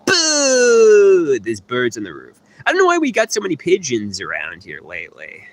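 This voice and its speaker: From an outdoor swimming pool, a man rambles through a casual phone livestream, answering comments in a mock New York accent and humming or singing snippets. His low-leaning voice swings hugely in pitch, moving a little fast with a slightly bright, breathy tone and no echo.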